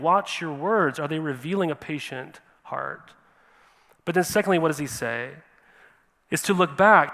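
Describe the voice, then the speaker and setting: A man preaching a sermon as pastor, animated and often checking in with his listeners. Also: a little high, long reverb tail. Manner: animated, repeats "right?" to the congregation. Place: church sanctuary.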